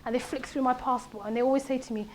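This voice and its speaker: High-pitched woman, 30s, comedic speaker, animated storytelling with faint background noise. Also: fast. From Britain. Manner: punchy, animated delivery with quoted voices. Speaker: comedian giving a talk. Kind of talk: conversational talk with comic stand-up bits. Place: event room.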